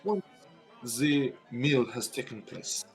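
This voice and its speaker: A man's voice: mid-range voice, lively intonation, slow, soft background music. A man voicing a stiff, upright male steward who greets guests with formal courtesy.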